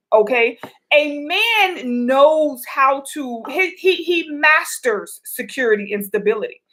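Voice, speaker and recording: A woman's voice: a little high, fairly bright tone. A woman hosting a casual advice vlog, talking chattily to viewers with colloquial asides as she answers their questions. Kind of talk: casual relationship advice talk.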